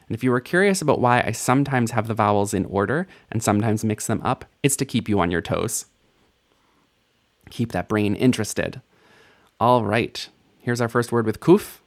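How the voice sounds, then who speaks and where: Patient man teaching Hebrew sounds. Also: on the low side. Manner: patient, playful teacher, spells out sounds slowly and repeats words. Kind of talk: recorded language lesson.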